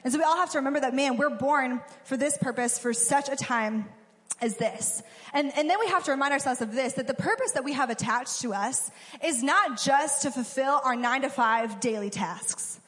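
A woman's voice: high-pitched, normal speed, fairly bright tone. A young woman giving a casual, conversational sermon, acting out quotes as she goes. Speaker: preacher. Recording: long hall reverb.

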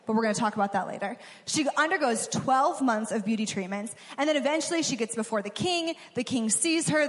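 A young woman giving a casual sermon, chatty and full of "like", acting out characters in quick asides. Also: a little high. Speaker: preacher. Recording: hall reverb.

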